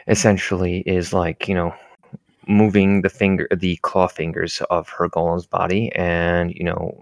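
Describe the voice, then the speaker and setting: A man narrating a tabletop game as game master, describing scenes in an unhurried way with many fillers. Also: low-pitched, fairly bright tone, no echo. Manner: unhurried, descriptive, full of fillers like "you know".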